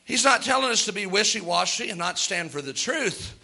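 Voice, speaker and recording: A man's voice: high voice, animated, brisk, pushed and bright. A man preaching a sermon from the pulpit, earnest and plain-spoken, rising to fervent outbursts. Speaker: pastor.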